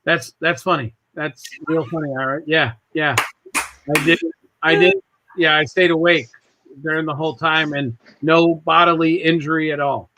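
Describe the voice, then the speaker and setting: A man's voice: a little high, steady tone, moderate pace, sharp tone, a little hiss or hum. A man hosting a casual talk show, telling a rambling home-repair story and acting out the other people's voices. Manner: rambling anecdotes, acts out quoted voices. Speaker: podcast host.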